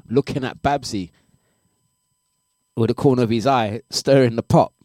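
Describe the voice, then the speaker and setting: A man hosting a breakfast radio show in casual live chat. He is animated, laughs often and repeats his phrases. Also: medium pitch, dry recording, studio quality.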